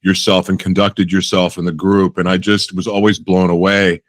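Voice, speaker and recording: A man with a lowish voice hosts a podcast, chatting loosely and breaking into laughter between thoughts. His sound is close and dry, with no room around it. He acts out little scenes from his own life with a wry, self-mocking edge. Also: little pitch movement, moderate pace, no room sound. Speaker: podcast host. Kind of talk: casual conversational interview.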